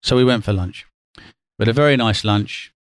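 Man guest, former trader, animated storyteller, dry close recording. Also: on the low side, normal speed, clear, resonant tone, no echo. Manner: lively, acts out quotes, laughs while telling. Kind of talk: casual anecdotal storytelling.

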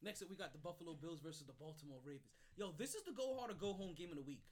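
A man with a fairly high voice runs through game picks as a podcast host. He jokes loosely and stumbles over his words, repeating them as he goes. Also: lively intonation, very fast. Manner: joking, stammers and repeats himself. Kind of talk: casual sports chat.

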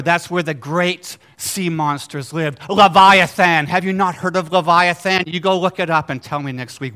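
A male preacher with a high, bright voice delivers a lively sermon. He swings from booming exclamations down to hushed storytelling. He keeps asking his congregation rhetorical questions. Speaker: pastor.

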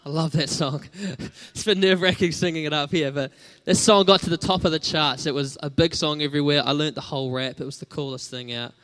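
Man, fairly high voice, preaching, chatty storytelling sermon. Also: a little fast, hardly any pauses, fairly bright tone. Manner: conversational, storytelling with fillers.

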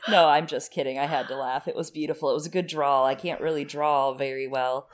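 A woman's voice: sits low, fairly even intonation, a little fast. A woman co-hosting a podcast, chatting casually with sarcastic asides. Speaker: podcast co-host. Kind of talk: casual book discussion.

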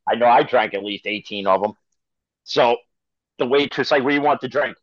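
A man's voice: mid-range voice, brisk, dry recording. A man co-hosting a casual sports podcast, talking bluntly with lots of swearing and telling stories. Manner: profane, blunt storyteller. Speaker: podcast co-host. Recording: dry, dull lo-fi audio.

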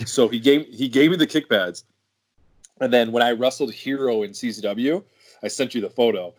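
A man's voice: mid-range voice, moderate pace. A middle-aged man and professional wrestler telling rambling, profanity-laced road stories in casual podcast chat.

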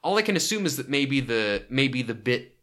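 A man's voice: medium pitch, sing-song, normal speed, fairly bright tone. A man co-hosting a podcast, casually recapping a sitcom episode and riffing with jokes as he acts out scenes. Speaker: podcast co-host.

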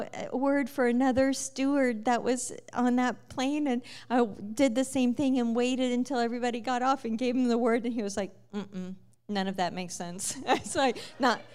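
A woman in her thirties shares a faith testimony in a smooth, clear voice at a middle pitch. She tells her story with plenty of restarts and swells loud whenever she gets excited. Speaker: speaker sharing a faith testimony.

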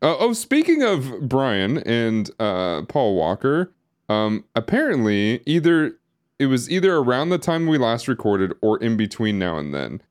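A man's voice: mid-range voice, sing-song, unhurried. A man co-hosting a podcast in casual chat, rambling and hesitant with lots of fillers and restarts. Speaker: podcast co-host. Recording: live stream podcast recording.

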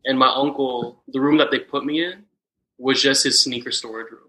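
Bright-voiced young man telling stories. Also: mid-range voice, normal speed, low-quality recording. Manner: relaxed, rambling storytelling with many fillers. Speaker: podcast guest. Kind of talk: casual chat.

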